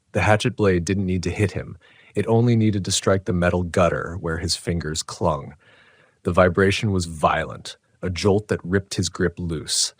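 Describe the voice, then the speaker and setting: A man with a very low, deep voice tells a scripted first-person horror story in a tense, low delivery, pausing for drama. The sound is dry and close, with no room behind it. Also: no room sound. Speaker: narrator.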